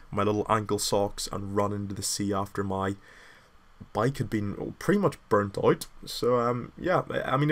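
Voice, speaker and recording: A young man tells a personal story in a casual, meandering style. His voice sits a little low. He pads his sentences with fillers and pokes fun at himself as he goes. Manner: rambling and self-deprecating, many filler "like"s.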